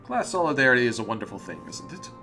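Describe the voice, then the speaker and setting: A man's voice: mid-range voice, very animated, quick pace, sharp tone, soft background music. A man voicing a cheerful, zealous male communist alien troll in a put-on Russian accent, preachy and rousing. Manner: rousing, preachy, addresses listener as comrade.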